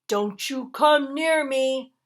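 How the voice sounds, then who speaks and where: A woman's voice: high voice, slow pace, pitched above the performer's own voice. A woman doing a grouchy snarling junkyard dog. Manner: snarling, gruff shouts. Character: grouchy big dirty male junkyard dog.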